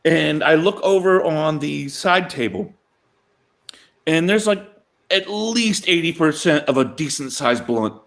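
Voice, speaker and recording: Male sports-show co-host, tenor-leaning voice, animated storyteller who laughs between lines. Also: fairly high pitch, a little slow, gravelly. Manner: animated anecdote-telling, chuckling mid-sentence. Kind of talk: casual storytelling chat.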